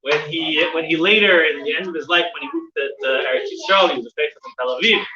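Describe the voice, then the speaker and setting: A man teaching a class to a live audience, telling stories in a halting way with many repeated words and restarts. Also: a little high, bright, forceful tone, a little hiss or hum. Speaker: teacher giving a weekly class. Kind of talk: storytelling in a religious class. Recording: distant, dull, roomy with audience.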